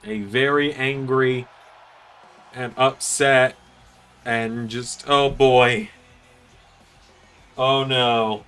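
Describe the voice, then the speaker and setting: Excitable male wrestling game commentator. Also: medium pitch, very slow, long pauses, smooth, soft background music. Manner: excitable, chatty, joking. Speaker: commentator and series host.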